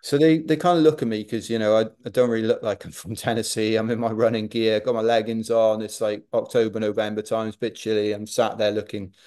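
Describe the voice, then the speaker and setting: Low-voiced Welsh man telling a story. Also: fast talker, few pauses. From Wales. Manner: animated, chatty storyteller. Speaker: podcast guest, ultrarunner. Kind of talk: casual interview storytelling.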